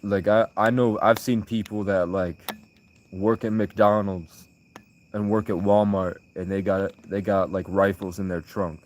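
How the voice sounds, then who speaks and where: A man from the United States chatting on a late-night livestream, rambling through stories and reading out his chat, with loud bursts of laughter. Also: fairly low pitch, fairly even intonation, measured pace.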